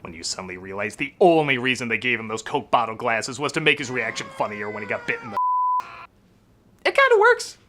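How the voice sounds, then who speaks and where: A man's voice: lowish voice, quick pace, few pauses, heavy background noise. A man reviewing a film in a comedic, sarcastic style, with jokey asides. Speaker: film critic. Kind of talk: comedic movie review narration.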